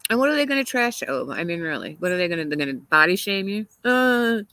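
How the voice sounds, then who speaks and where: A woman's voice: on the low side, sing-song, fast, bright, forceful tone, no room sound, poor audio. A woman hosting a casual livestream, talking through viewer comments in an opinionated, chatty way and laughing often. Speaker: livestream host. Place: outdoors in a garden.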